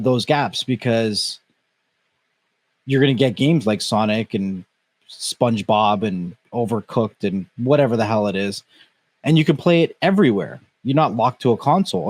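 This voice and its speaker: A man's voice: medium pitch, darkish tone. Musing podcast co-host, man. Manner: musing, conversational, uses "you know" and "right". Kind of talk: casual tech podcast chat.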